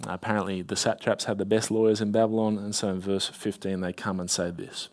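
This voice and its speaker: A man's voice: little pitch movement, brisk. Man preaching, reading scripture aloud. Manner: expository, reads scripture aloud with rising emphasis; drops to a soft, low voice on key points. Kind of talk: sermon.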